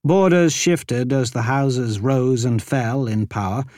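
A man narrating a fantasy audiobook in a lively, expressive reading. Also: medium pitch, slow pace, no room sound, clean studio sound.

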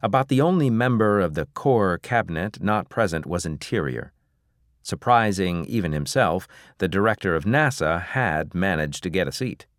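A man narrating an audiobook in a steady, even storytelling manner. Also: low-pitched, normal speed, no echo, clean studio sound. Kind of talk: scripted narration.

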